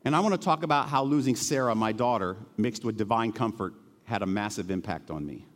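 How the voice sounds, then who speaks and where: A middle-aged male pastor preaching a sermon in a church, earnest and emotional, dropping to hushed tones and then rising to emphatic peaks. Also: lowish voice, fairly quick, big-room sound. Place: church sanctuary.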